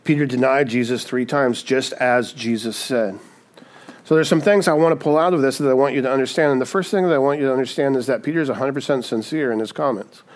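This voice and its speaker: A man's voice: mid-range voice, quick pace. A man preaching a sermon, often asking "right?" and acting out the people he quotes. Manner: acts out quoted voices, frequent "right?". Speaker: pastor.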